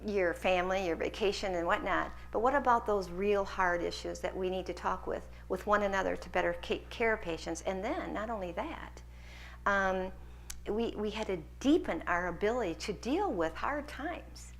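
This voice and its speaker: A woman's voice: mid-range voice, a little hiss or hum. A woman lecturer taking questions from a hall audience, earnest and encouraging as she answers. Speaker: guest lecturer.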